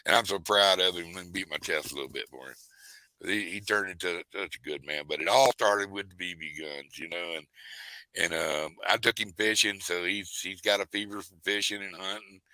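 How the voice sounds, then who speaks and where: Male host, animated yarn-spinner, bright tone, dry close sound. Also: low voice, moderate pace, dry recording, poor audio. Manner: rambling, animated storyteller with folksy asides. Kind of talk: casual storytelling chat.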